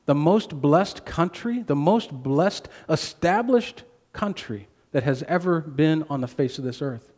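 Male pastor, earnest sermon delivery, slightly high voice, long church reverb. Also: expressive, measured pace, hardly any pauses. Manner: earnest preaching, drops to a hushed voice for emphasis. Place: church sanctuary.

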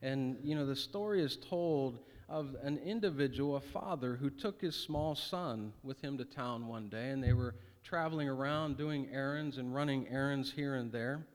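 A pastor giving an earnest, conversational sermon with folksy asides. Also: male voice, medium pitch, normal speed, few pauses. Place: church sanctuary. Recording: reverberant church sanctuary.

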